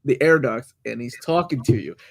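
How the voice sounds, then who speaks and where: A man's voice: medium pitch, animated, normal speed, creaky. A man in his forties co-hosting a casual movie review chat, enthusiastic and often stumbling as he looks for words. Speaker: podcast co-host.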